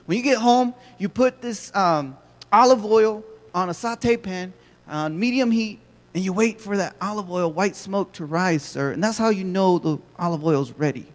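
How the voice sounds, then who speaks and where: A man's voice: high-pitched, normal speed, pitched above the performer's own voice, close to an everyday voice. A man voicing a relentlessly polite, cheerful male grocery cashier who keeps saying "sir", heard with a long hall reverb. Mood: helpful. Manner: chipper, calls everyone sir.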